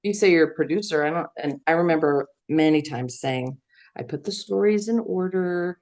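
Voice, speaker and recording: Low-voiced woman telling career stories. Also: normal speed, darkish tone. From Iowa. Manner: rambling storytelling with frequent fillers and laughs. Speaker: guest, veteran news executive. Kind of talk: casual interview chat.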